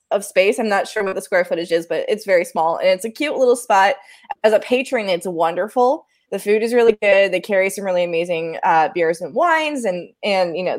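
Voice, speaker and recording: Laughing, animated woman telling a story. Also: mid-range voice. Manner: animated, laughing often, acts out quotes. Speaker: live sound engineer telling a story. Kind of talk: casual storytelling chat.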